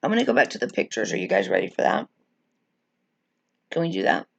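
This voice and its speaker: Chatting through a live stream, a middle-aged woman recalls wrestling and reads out viewer comments, rambling with frequent fillers like "um" and "like." Her bass voice is creaky and sing-song, her pace brisk, and the lo-fi recording has no room sound.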